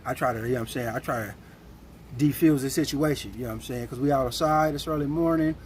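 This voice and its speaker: A man telling a story in a casual, animated and blunt way, with plenty of slang. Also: mid-range voice, fast, a little hiss or hum.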